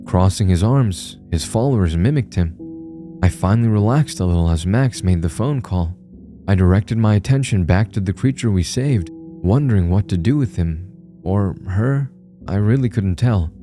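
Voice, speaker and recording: A man narrating a scripted horror story in a calm, measured way. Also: lowish voice. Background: soft music.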